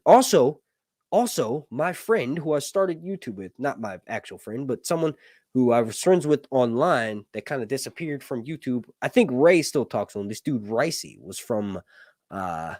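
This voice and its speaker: A man's voice: medium pitch, very animated, a little fast, no room sound, clean studio sound. A man hosting a casual live stream, rambling and self-deprecating as he thinks aloud. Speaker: channel host.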